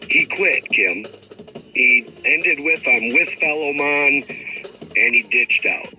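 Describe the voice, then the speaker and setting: A middle-aged livestream host speaks slowly in a mid-range voice, rambling through a frustrated, profane rant. The stream audio is dull and lo-fi, with music playing.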